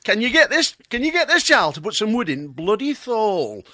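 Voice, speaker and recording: Casting: man doing a blunt Yorkshire auntie, raised pitch, broad northern dialect. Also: big pitch swings, a little fast, bright, forceful tone, no room sound, clean studio sound, heavily acted. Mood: scolding.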